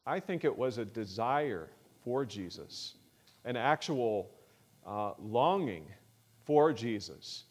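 A male preacher with a voice of ordinary pitch, delivering a sermon. He speaks earnestly and at a measured pace, and his voice swells when he stresses key words.

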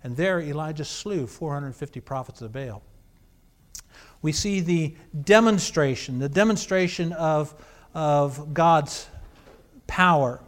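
A man's voice: on the high side, slow pace. A man preaching a sermon, telling a scripture account in a conversational, storytelling way.

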